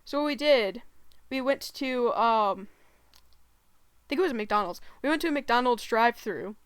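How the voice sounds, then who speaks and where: A woman's voice: on the high side, animated, a little slow, clear, resonant tone, no room sound. A woman hosting a casual storytime vlog, giggly and rambling with many fillers. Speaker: gaming channel host.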